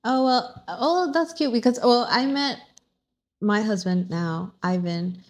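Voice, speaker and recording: A young woman in her twenties chatting casually, telling a story with lively acted-out quotes and bits of Spanish. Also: on the high side, slow. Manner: animated storyteller, acts out quotes, mixes in Spanish phrases. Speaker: vlog host.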